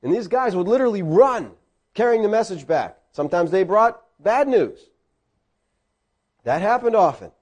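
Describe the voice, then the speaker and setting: A man's voice: normal speed, pauses often, lo-fi sound. A man preaching a conversational sermon, teaching a class and putting questions to them. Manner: animated, swings between high and low pitch. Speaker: pastor.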